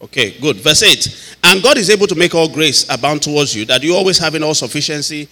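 A man's voice: on the high side, expressive, fast, sharp tone, long reverb tail. A man teaching a Bible study as a pastor, talking conversationally, laughing often and asking listeners if they follow.

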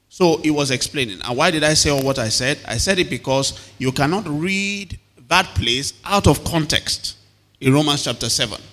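A pastor preaches a sermon in a slightly high, fairly bright male voice, often calling on the congregation to answer him. A long hall reverb hangs over the recording.

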